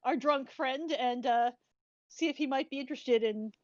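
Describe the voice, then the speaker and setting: A woman's voice: sits high, normal speed, a little mellow, dry recording. A woman player in a tabletop role-play, giggly and hesitant, recorded on a dull, dry mic.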